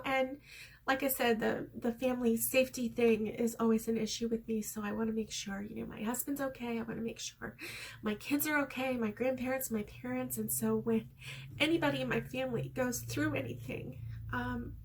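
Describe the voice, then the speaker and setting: A woman's voice: on the high side, fairly even intonation, moderate pace, slight background noise. Chatty heartfelt woman crochet vlogger. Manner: rambling, heartfelt, many ums. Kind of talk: casual chat to viewers.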